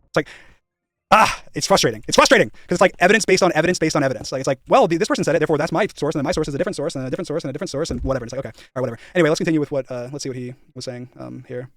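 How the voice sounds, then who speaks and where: A man's voice: fairly high pitch, very fast, a bit bright, no echo, studio quality. A young man streaming, rambling and emphatic, swearing and acting out his past conversations. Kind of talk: casual live-stream rant.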